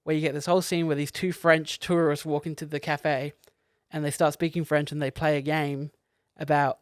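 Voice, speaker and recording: A man's voice: on the high side, level tone, moderate pace, clean tone, dry recording, clean studio sound. A man co-hosting a podcast, talking about a film in casual chat, enthusiastic and rambling with many fillers. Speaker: podcast co-host.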